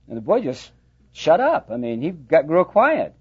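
A pastor preaching a sermon, telling a folksy story with halting restarts. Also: male voice, fairly high pitch, huge pitch swings, breathy edge. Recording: dull lo-fi sound.

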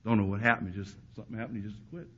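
A man preaching a sermon, swinging between loud emphatic peaks and hushed, quiet asides. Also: lowish voice, steady tone, rapid-fire, background noise. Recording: dull lo-fi recording.

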